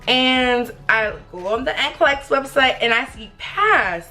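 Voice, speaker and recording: A young woman telling viewers a story in a casual, animated vlog, talking straight to them. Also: fairly high pitch, normal speed, few pauses, faint music behind. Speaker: vlogger.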